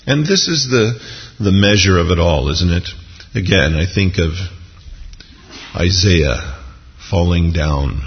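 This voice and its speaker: A man's voice: low-pitched, animated, measured pace. A man preaching a sermon in a conversational way, with frequent casual asides to the congregation. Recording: echoey hall, dull lo-fi sound.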